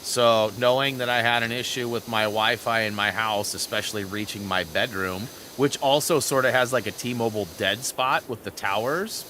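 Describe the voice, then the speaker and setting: Bright-voiced man rambling over gameplay. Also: mid-range voice, normal speed, hardly any pauses, slight background noise. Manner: rambling storyteller, animated, reads chat aloud. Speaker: gaming channel host. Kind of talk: chatty gameplay commentary. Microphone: headset.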